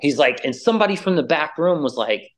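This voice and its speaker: A middle-aged man telling a band story in casual chat, animated and acting out the voices of the people in it. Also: on the high side, brisk. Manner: animated storyteller, acts out quoted voices, says "like" and "dude" a lot. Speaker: interview guest, musician.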